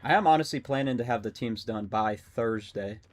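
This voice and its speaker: A young adult man streaming a game, rambling and excitable, swearing often and talking to his chat. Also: mid-range voice, normal speed. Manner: talks to chat. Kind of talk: casual live-stream commentary while gaming.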